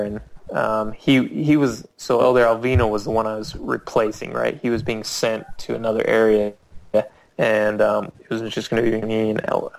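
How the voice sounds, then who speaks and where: A man telling a rambling, restart-filled anecdote, his voice leaping up whenever he quotes someone. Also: rough recording. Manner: rambling with many restarts, jumps high when quoting people. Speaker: storyteller. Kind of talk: casual anecdote told to a small audience.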